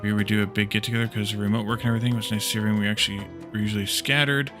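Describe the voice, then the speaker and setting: Over music, a lowish-voiced man talks very fast on a casual building-game stream. He stays relaxed, verbalizing his thoughts as he crafts and reading and answering his chat.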